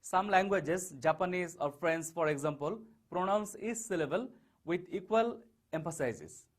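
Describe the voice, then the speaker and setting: A man teaching an online lesson, saying key words slowly one at a time. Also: sits high. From Bangladesh. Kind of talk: online English lesson over slides.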